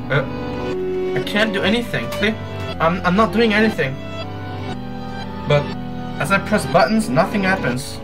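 Jumpy man yelling over game music. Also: fairly high pitch, big pitch swings, measured pace, long pauses, rough recording. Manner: jumpy, exclaiming and yelling at scares. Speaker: gamer playing a horror fan game. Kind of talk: let's play commentary.

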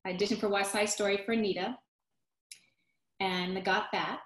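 A woman's voice: medium pitch, normal speed, roomy sound, rough recording. A woman actress telling her career story in a casual interview, acting out quotes along the way. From United States. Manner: animated storyteller, acts out quotes, restarts often. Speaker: guest, musical theater actress.

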